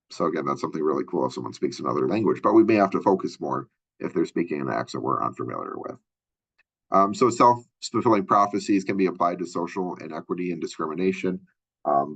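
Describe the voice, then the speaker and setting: A man's voice: very deep voice, husky. A male college instructor giving a conversational recorded lecture, full of fillers and asides.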